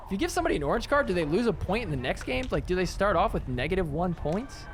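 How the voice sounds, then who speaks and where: A man's voice: fairly high pitch, sing-song, fast, noisy background. A man hosting a podcast, casually recapping sports clips with a sarcastic, chatty manner. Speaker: podcast host.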